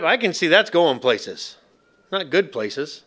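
A pastor with a high, bright voice delivers a sermon in a church. He leans on slow, weighty phrasing and drops in playful asides to the congregation. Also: very animated.

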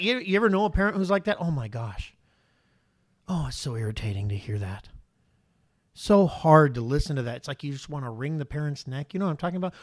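A man who is a father, preaching as a pastor in an animated style, peppering the congregation with rhetorical questions. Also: fairly high pitch, a little fast. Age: adult father. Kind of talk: sermon.

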